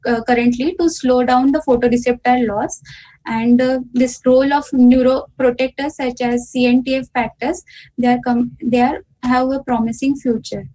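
A woman's voice: high voice, steady tone, moderate pace, mellow, poor audio. A young Indian woman giving an academic medical presentation, hesitant, with many fillers and restarts. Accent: Indian English.

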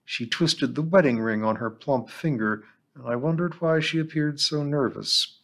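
A man narrating an audiobook in a measured, even storytelling manner. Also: on the high side. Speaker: audiobook reader.

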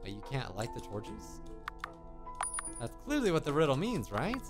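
A man's voice: mid-range voice, huge pitch swings, normal speed. A man giving playful, joking commentary while playing a video game. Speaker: gaming video host. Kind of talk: let's play commentary. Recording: game music behind.

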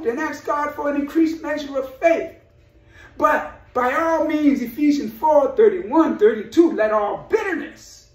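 A man's voice: high voice, gravelly, roomy sound, far from the mic, rough recording. A man preaching a sermon, urging his listeners with repeated phrases and quoted scripture.

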